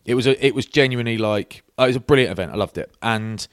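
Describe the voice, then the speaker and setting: Man telling a lively story. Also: medium pitch, fast, clear, resonant tone, dry recording, studio quality. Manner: lively storyteller, says mate a lot. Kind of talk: casual chat, anecdote telling.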